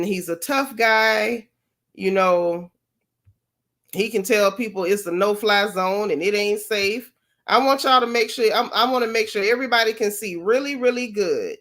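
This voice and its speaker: A woman's voice: medium pitch, a bit bright. A woman from Florida hosting a casual gossip vlog, chatty and mocking as she comments on clips.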